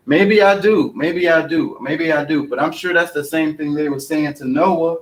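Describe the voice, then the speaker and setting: A man's voice: on the high side, moderate pace, distant mic, low-quality recording. A man hosting a casual chat, out of breath and ranting passionately with plenty of profanity. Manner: impassioned, profane, acts out others' retorts. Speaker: host.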